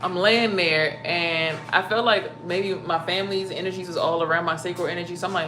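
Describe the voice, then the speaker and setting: A young woman telling a story to her viewers in a casual, profane and animated way, acting out her own startled reactions. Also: fairly low pitch, brisk, few pauses, noisy background. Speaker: spiritual vlogger.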